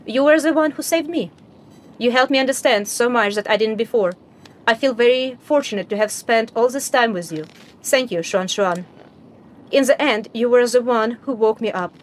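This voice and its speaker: Gentle male game hero, soft and measured, read by a woman; cast a calm, steady voice, not theatrical. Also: fairly high pitch, lightly acted. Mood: tender.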